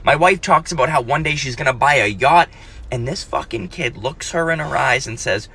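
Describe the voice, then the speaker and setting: A man in his thirties rants through comic stories about parenting, swearing constantly and slipping into his kids' voices. His voice is bright and edgy with a husky grain, and he talks at a lively everyday pitch. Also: normal speed. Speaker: comedian and parent. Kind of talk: profane comedic storytelling.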